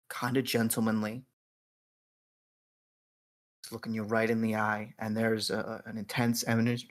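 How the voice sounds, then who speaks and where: Measured tabletop game master narration. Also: medium pitch.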